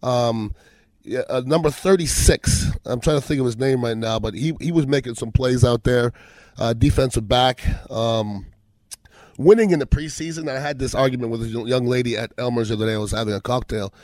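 Animated male football storyteller, dry sound. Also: medium pitch, brisk, dry recording. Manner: animated storyteller, acts out quoted dialogue. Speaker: former football player turned commentator. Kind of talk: casual storytelling on sports.

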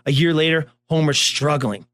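Guy telling an animated story on a talk show, voice on the high side. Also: normal speed. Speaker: co-host, former baseball coach. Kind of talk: storytelling in casual chat.

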